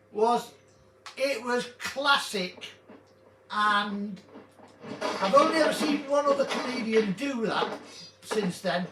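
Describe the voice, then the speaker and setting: A rambling, jokey older man who chats casually while he plays a game, drifting off into little stories. The room sounds big and echoey, and the mic sits some distance away. Steady noise runs underneath. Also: high voice. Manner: rambling, jokey, chatty storytelling. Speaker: gaming video host. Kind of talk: casual chat while playing. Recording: roomy, distant mic, noisy background.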